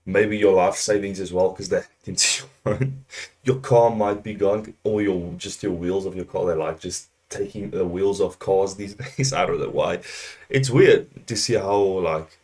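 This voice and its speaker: A man's voice: low voice, moderate pace, a little mellow. A South African man giving casual, joking commentary as he reacts to a video, laughing often.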